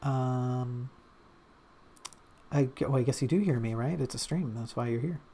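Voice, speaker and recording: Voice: mid-range voice, unhurried, warm tone, slight background noise. A streamer chatting in a loose, rambling way while drawing on stream, full of self-mocking asides and little hums. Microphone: desk streaming mic.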